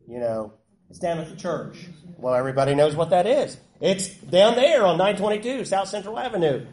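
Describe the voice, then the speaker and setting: Man leading a lively Bible study. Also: high voice, moderate pace. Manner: animated, calls on people, asks the group questions. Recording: echoey room with some background noise.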